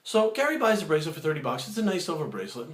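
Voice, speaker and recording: Man, casual storytelling, lively and animated, slightly high voice, roomy echo. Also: very fast. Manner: animated, acts out other people's lines. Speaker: vlogger telling a story. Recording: echoey room.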